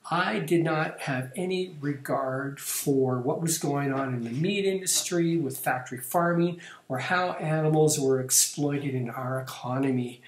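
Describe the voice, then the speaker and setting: A man's voice: a little high, unhurried, few pauses. A man hosting his own video channel, talking casually to camera and reading out viewer comments in a wry, playful, self-mocking way. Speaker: vlog host. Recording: echoey room.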